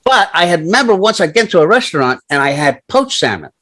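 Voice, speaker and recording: Older male co-host, chatty storyteller who ramps into comic rants; fairly high, very lively pitch. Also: fast. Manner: animated storytelling, mock ranting, swears. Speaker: podcast co-host. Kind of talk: casual chat.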